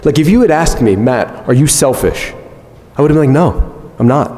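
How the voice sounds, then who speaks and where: A man in his thirties giving a conference talk, telling a self-mocking family story in an animated way. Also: a little high, normal speed. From United States. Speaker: conference speaker. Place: large conference hall. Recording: long hall reverb.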